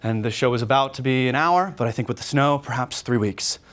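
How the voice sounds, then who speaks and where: A man giving a workshop talk at a convention. He speaks energetically and conversationally, keeps tagging his points with quick questions to the room, and shifts into showman patter when he demonstrates. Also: medium pitch. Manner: energetic, conversational, many "right?" tags.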